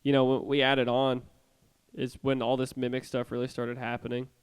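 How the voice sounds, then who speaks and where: A man co-hosting a podcast, casually rambling through eerie personal experiences in an animated way. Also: mid-range voice, moderate pace, clean tone. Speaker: podcast co-host. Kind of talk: casual storytelling.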